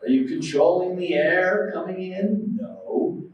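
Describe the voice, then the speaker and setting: High-voiced preacher in an echoey hall. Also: male voice, unhurried, muffled recording. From United States. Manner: lively storytelling, acting out quoted voices; questions the audience. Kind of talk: devotional lecture. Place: temple hall. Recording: very echoey hall, mic at a distance.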